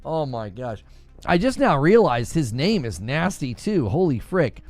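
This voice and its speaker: A man hosts a gaming livestream at an unhurried pace, his pitch rising and falling with lots of life. He talks casually to his viewers and laughs often. The sound is close and dry, with faint music underneath. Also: sing-song, darkish tone, dry recording.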